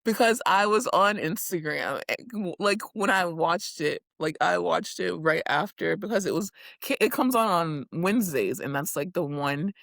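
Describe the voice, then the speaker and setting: A woman's voice: fairly low pitch, moderate pace, vocal fry, few pauses, dry recording, clean studio sound. A woman co-hosting a podcast, retelling a reality show in casual chat and acting out bits of it. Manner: animated storytelling with impressions and frequent laughter. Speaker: podcast co-host.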